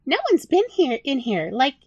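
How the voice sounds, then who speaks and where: A woman's voice: high voice, very animated, moderate pace, husky, no room sound, muffled recording, pitched above the performer's own voice, heavily acted. A woman voicing a small, cheeky rat that chatters in a matter-of-fact way. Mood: chatty. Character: cheeky, chatty little rat, high and squeaky.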